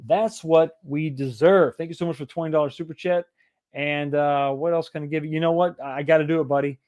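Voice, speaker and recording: A man's voice: fairly high pitch, level tone, quick pace, a little mellow, smooth. A man hosting a casual livestream, rambling and restarting his sentences as he talks. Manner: rambling, repeats words and restarts often. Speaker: livestream host.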